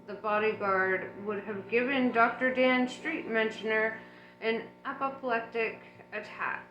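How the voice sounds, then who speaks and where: A woman reading an audiobook aloud in an unhurried, relaxed way, with chatty asides. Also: on the high side, reverberant, dull audio, soft background music. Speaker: audiobook reader.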